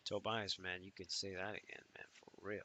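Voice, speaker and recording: A man's voice: sits low, little pitch movement, brisk, pushed and bright, a little hiss or hum. A man hosting a live trading stream, thinking aloud and swearing as he mutters to himself.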